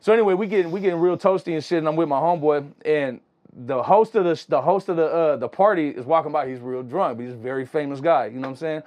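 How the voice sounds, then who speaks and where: A young man, a music producer, telling stories in a casual, slangy, animated way. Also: on the high side, fast talker. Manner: animated, slangy, full of "you know what I'm saying". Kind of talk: casual storytelling.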